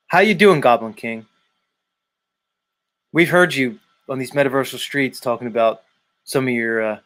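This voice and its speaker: A man's voice: mid-range voice, vocal fry, a bit bright. A man in his forties hosting a live stream, loosely bantering with viewers, greeting them by name and swearing now and then. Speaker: livestream host. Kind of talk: casual chat reading viewer comments.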